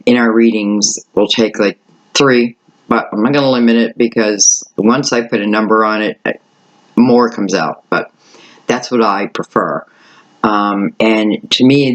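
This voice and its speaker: A man with a fairly low voice talks his way through a tarot reading. He rambles in a gentle, chatty way and keeps circling back with little asides. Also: low-quality recording. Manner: rambling, gentle, repeats "you know" and "right". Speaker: tarot reader. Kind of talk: casual spoken tarot reading.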